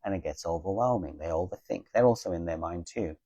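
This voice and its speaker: Male spiritual teacher in a live Q&A. Low, gravelly, mellow voice, blunt and teasing in delivery. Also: fast talker, lo-fi sound. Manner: blunt, matter-of-fact, teasing. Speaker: spiritual teacher answering viewer questions. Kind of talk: live Q&A chat.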